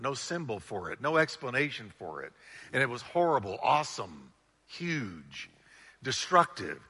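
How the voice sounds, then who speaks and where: A male pastor preaching a sermon with animated delivery, drawing the congregation into call-and-response. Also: a little high, in a large hall.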